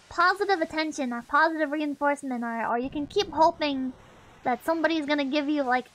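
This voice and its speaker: A woman's voice: sits high, slight background noise. A woman streamer giving casual, brash game commentary, swearing often and laughing a lot.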